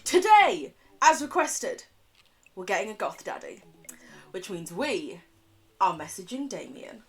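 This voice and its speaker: A woman streamer talking fast at her desk microphone, chatty and candid. Her pitch sits in the middle for a woman, and she swears without a second thought, laughing between lines. Casual and unpolished. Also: big pitch swings. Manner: quick, chatty, swears freely, laughs often. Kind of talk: live-stream game commentary.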